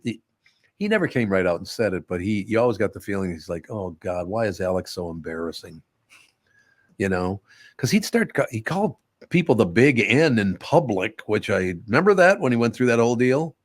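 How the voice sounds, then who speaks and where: A man's voice: fairly low pitch, sing-song, fairly quick, no room sound. A man hosting a radio talk show, blunt and wry, telling anecdotes in casual chat. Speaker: host.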